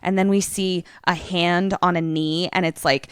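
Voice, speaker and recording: Chatty young woman with a smooth voice. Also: fairly low pitch, fairly even intonation, unhurried, no echo, clean studio sound. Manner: chatty, filler-heavy, lots of "like". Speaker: podcast co-host. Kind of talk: casual retelling of a trailer.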